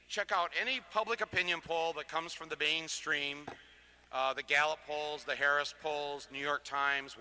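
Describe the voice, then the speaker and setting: At a public lecture venue, a touring man addresses a live audience through an amplified stage microphone in a bright, forceful, slightly high voice. His political talk is chatty and full of jokes and comic asides, with many restarts and little chuckles between points.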